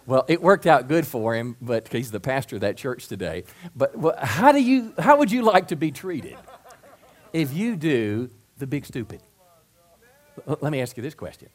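A man pastor delivering a sermon in a folksy, conversational way. He peppers the congregation with rhetorical questions and often restarts or repeats words when he warms up. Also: medium pitch, expressive, normal speed. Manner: asks the crowd many rhetorical questions.

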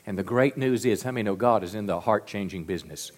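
A man preaching a sermon as pastor, earnest and stressing key words slowly. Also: on the low side.

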